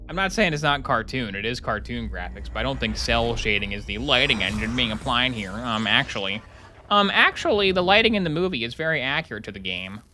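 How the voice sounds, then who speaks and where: A man's voice: lowish voice, pushed and bright. A young man streaming a game, rambling and joking in casual commentary with sarcastic asides. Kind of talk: casual commentary while gaming.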